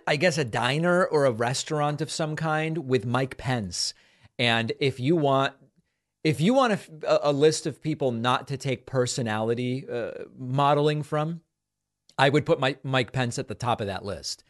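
A man's voice: medium pitch, a little slow. A man hosting a political talk show, giving mocking commentary over news clips. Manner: sarcastic, mocking.

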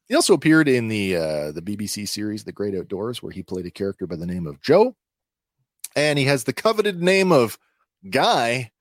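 A man's voice: fairly low pitch, very animated, normal speed, pauses often, no echo, clean studio sound. A man hosting a podcast, recapping an episode in a chatty way with many filler words. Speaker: podcast host.

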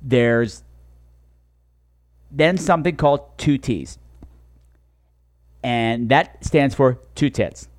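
A man's voice: mid-range voice, very slow, long pauses. A man hosting a talk show, telling stories in a profane, sarcastic comedic rant and slipping into mocking voices.

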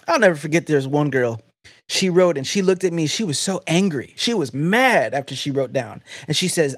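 A man hosting a faith podcast, preaching in an emphatic, animated, conversational way. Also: on the high side, moderate pace, no room sound, studio quality. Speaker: podcast host.

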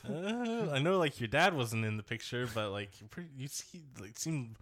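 Bright-voiced man in casual podcast chat. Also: mid-range voice, expressive, normal speed. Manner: laughing, joking, does voices for quotes. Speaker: podcast co-host.

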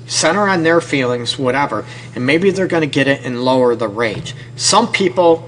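A man's voice: mid-range voice, lively intonation, normal speed, few pauses, fairly bright tone, a little hiss or hum, rough recording. A man with a Detroit accent hosts a relationship advice radio show, talking casually and straight to the listener, often tagging his points with "okay?". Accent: Detroit, American. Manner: casual, repeats "okay?" as a tag; talks directly to the listener. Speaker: radio show host and counselor.

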